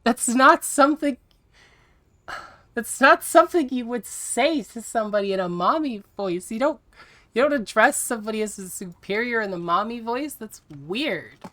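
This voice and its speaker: A woman streaming a video game, chatting casually with her viewers in an exasperated, teasing way and quick to laugh. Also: on the high side, pushed and bright.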